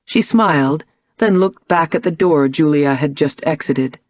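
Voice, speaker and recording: A woman narrating a first-person audiobook in a measured, expressive way. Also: low voice, no echo.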